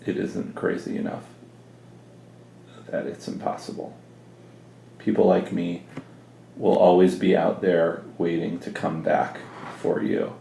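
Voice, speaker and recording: A man reading a calm, cruel older male villain's speech in his own plain voice, with no put-on accent. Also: sits low, slow, creaky, pauses often, echoey room, a little hiss or hum, heavily acted, low-quality recording. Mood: cold.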